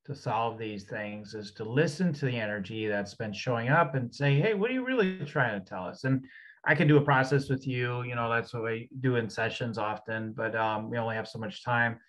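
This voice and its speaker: A man's voice: medium pitch, steady tone, normal speed, poor audio. A man hosting a talk as an energy healer, rambling and hesitant with many fillers. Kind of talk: casual conversation.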